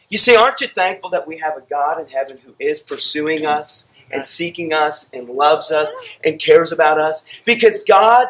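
A male pastor telling a Bible story in a sermon, acting out the scenes with animated storytelling, out of breath. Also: fairly high pitch, normal speed, hardly any pauses, noisy background.

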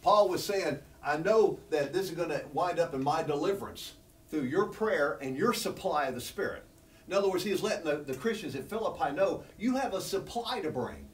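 Male preacher, earnest teaching sermon, higher-pitched voice, picked up from a distance. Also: expressive, brisk. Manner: earnest and conversational, rises in pitch when emphatic. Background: congregation responding.

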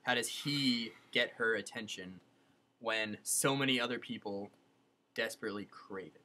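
A woman's voice: very deep voice, normal speed, sharp tone. A woman co-hosting a casual advice chat, talking earnestly and saying "like" a lot. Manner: chatty, earnest, says "like" often. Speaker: advice show co-host.

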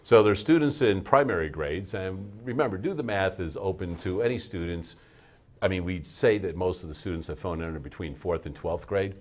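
A man's voice: deep voice, moderate pace. A man hosting a math TV show from a studio, teaching in a patient, classroom style and checking in often with his listeners. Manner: patient, coaxing, checks in often with "all right?".

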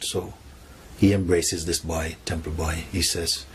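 Deep low-voiced guy telling a spiritual story, soft, does the characters' lines, faint hiss behind. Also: flat delivery, a little slow. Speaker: spiritual teacher.

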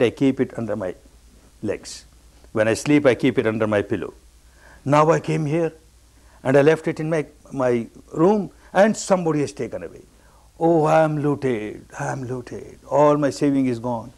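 A man's voice: mid-range voice, darkish tone, close to an everyday voice. An older man quoting a very old, poor village woman who plaintively laments her lost savings and repeats her complaint. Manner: plaintive and repetitive.

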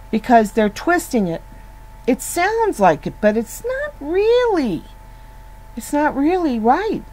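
A woman's voice: fairly high pitch, darkish tone, low-quality recording. A woman giving an informal Bible teaching in an earnest, conversational way, often restarting and repeating words as she goes.

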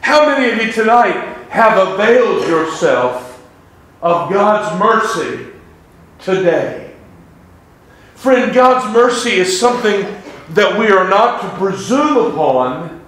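A man preaching a revival sermon in a fervent, conversational way, dropping into old-style wording when he reads scripture. His voice sits fairly high for a man. The sound rings with heavy echo from the church sanctuary around him. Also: a bit bright. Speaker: evangelist preacher.

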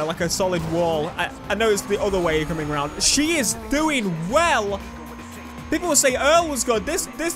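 A young man giving excitable let's-play commentary on a racing game, shouting at rivals as he drives. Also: sits high. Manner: excitable, yelling at rivals mid-race. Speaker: gaming YouTuber. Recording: game music and engine noise behind.

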